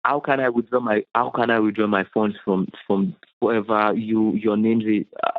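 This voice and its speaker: A man's voice: on the low side, flat delivery, normal speed, dry recording. Furious swearing man on a phone line. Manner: angry, shouting, swearing. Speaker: caller.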